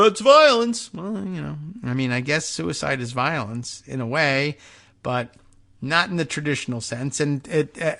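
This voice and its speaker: A man's voice: fairly high pitch, a bit bright. A man hosting a political commentary podcast, sarcastic and rambling, often restarting his sentences. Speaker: podcast host. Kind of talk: political commentary talk show.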